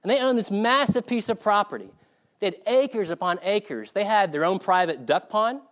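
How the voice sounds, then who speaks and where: A male preacher from South Carolina delivering a sermon and telling a story in an animated way. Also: high voice, moderate pace.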